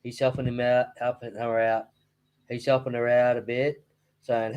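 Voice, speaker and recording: A man's voice: mid-range voice, little pitch movement, moderate pace, darkish tone, smooth. A man, hosting a fishkeeping channel, chatting casually and rambling with jokey asides. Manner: rambling, jokey, acts out silly voices. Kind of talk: casual chat, leafing through old books.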